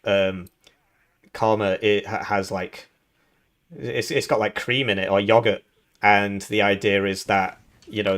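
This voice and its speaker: A man's voice: fairly low pitch, a bit bright. A man from the United Kingdom giving casual, rambling commentary on a strategy game tournament, chuckling often and answering chat questions.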